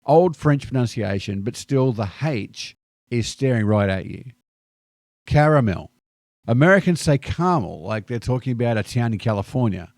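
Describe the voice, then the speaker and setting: Wry Australian man, lively voice-over. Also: medium pitch, normal speed, no echo, studio quality. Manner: wry, joking delivery. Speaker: vlogger. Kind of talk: scripted narration.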